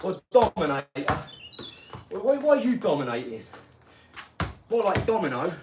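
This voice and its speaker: Brash forties streamer, bit high-pitched, combative and mocking, faint hum of the garage behind. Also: male voice, sing-song, a little slow, long pauses. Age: 40s. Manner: swaggering street slang. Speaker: livestream host. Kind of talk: ranting live stream chat.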